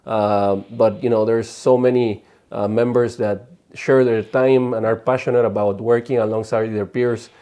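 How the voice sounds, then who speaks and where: A man hosting a podcast, who sums things up in a measured way before asking his interview questions. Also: mid-range voice, steady tone, dark tone. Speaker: podcast host.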